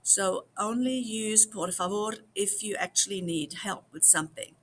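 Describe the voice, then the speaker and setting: A woman from the United States giving a slow repeat-after-me language lesson, drilling each phrase several times for the viewers. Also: mid-range voice, a little hiss or hum. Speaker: language teacher.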